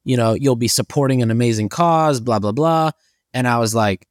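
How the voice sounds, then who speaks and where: A man's voice: mid-range voice, moderate pace, no room sound, studio quality. A man co-hosting a business podcast in casual chat, telling stories with lots of swearing and acted-out quotes of his own reactions. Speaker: podcast co-host.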